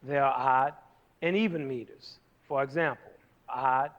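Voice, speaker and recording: A man's voice: mid-range voice, normal speed, highs cut off. A man teaching a lesson on rhythm, asking his listeners questions and drawing out their answers. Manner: animated, asks the audience questions. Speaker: music teacher.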